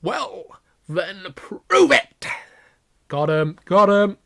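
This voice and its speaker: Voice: mid-range voice, very animated, measured pace, vocal fry, sharp tone, breathy edge, voice pushed up, full character voice. A reader voicing a cheerful, preachy giant man in a sing-song, exaggerated way for a comedic fanfiction reading. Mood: smug.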